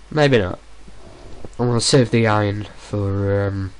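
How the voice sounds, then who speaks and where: A young man giving casual, rambling gameplay commentary at home, hesitating often with fillers. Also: lowish voice. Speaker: let's play gamer. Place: room at home.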